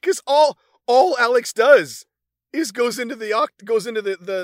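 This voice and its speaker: A man's voice: very high-pitched, normal speed, no echo, studio quality. A man in his fifties in casual chat, laughing often and acting out movie lines as he talks. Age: 50s. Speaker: podcast co-host.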